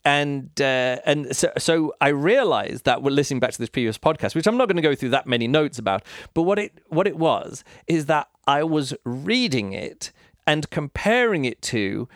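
A man with a smooth, resonant voice talks through a book review in a loose, rambling way, pausing and circling back as he thinks aloud. The sound is close and dry, with no room around it. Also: on the high side, lively intonation, dry recording. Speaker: podcast host reviewing books. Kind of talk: casual spoken book review.

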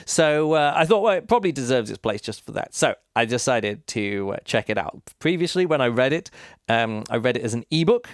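A man with a smooth, resonant voice talks through a book review in a loose, rambling way, pausing and circling back as he thinks aloud. The sound is close and dry, with no room around it. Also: medium pitch, lively intonation, no room sound. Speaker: podcast host reviewing books. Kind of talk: casual spoken book review.

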